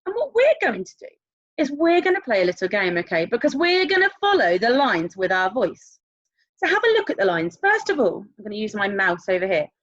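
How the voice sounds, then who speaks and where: A woman teacher leads a young children's music lesson over a screen share, her voice pitched on the high side and swooping up and down as she cheers them on. The recording is dry and a little dull and lo-fi. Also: dry recording. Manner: animated, encouraging, sing-song questions. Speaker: primary school teacher.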